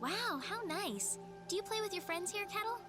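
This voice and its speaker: A woman's voice: very high-pitched, animated, normal speed, pitched above the performer's own voice. A woman voicing a kind, friendly young heroine over game music. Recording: game music playing behind.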